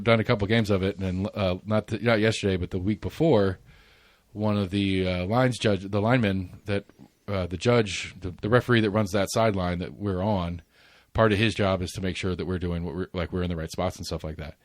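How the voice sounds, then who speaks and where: Low-voiced guy in his 40s, chatty podcast host, rambles and restarts a lot, dry close mic. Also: steady tone, a little fast, no echo. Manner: rambling, restarts often, laughs while telling stories. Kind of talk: casual chat.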